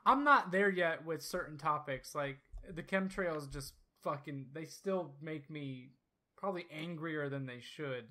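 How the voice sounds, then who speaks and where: A man hosting a podcast, chatting casually and agreeing easily with his guest. His voice sits a little higher than most men's. He sounds relaxed and laughs along readily. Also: a little slow. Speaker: podcast host. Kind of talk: casual chat.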